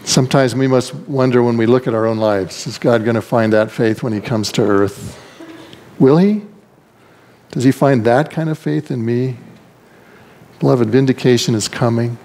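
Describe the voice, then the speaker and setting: A man delivers a sermon as pastor, in a lively storytelling manner. He acts out the characters he describes, and his voice leaps up in pitch for them. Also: moderate pace. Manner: animated storytelling, acting out voices with big pitch swings.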